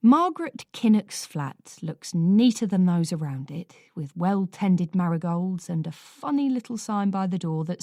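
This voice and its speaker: A woman reading a first-person thriller audiobook in a measured, dry storytelling manner. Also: lowish voice, warm tone, dry recording. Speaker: audiobook narrator.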